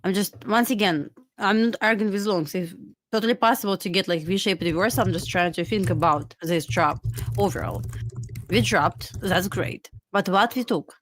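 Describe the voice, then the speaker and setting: A woman's voice: mid-range voice, a little hiss or hum. Woman with Russian accent, thinking aloud. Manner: thinking out loud, halting and reasoning. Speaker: co-host trader. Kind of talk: casual live-stream chat.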